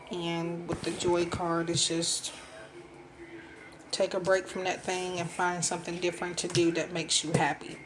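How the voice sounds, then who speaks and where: Woman tarot reader, breathless and subdued, slow halting delivery, noisy home recording. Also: level tone. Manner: soft, low-voiced, halting with many ums. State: out of breath, unwell. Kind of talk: pick-a-card reading.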